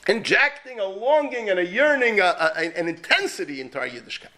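A man's voice: sits high, sing-song, brisk, bright, forceful tone. A man teaching a Torah class as a rabbi, emphatic and full of rhetorical questions, weaving Yiddish and Hebrew terms into his English. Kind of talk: Torah lecture.

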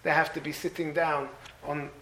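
A man giving a Torah class as a rabbi, telling stories with Hebrew terms and earnest emphasis that rises, then drops to hushed tones. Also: fairly high pitch, flat delivery, normal speed, a little hiss or hum, poor audio.

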